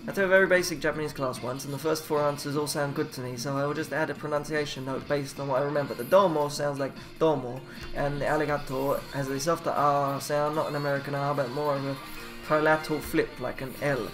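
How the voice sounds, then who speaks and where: Guy mumbling thru japanese phrases at his computer, kinda high voice, faint music behind. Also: steady tone, fast talker. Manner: rambling, swears, mumbles while reading aloud. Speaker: vlogger. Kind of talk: casual self-taught language study.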